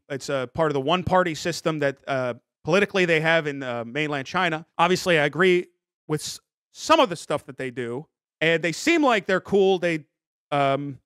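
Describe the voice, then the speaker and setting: A man's voice: on the high side, expressive, moderate pace, fairly bright tone, clear, resonant tone, no room sound, studio quality. A young man streaming a comedy bit, rambling defensively through restarts and apologies. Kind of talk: improvised comedy bit as a scandal-hit streamer.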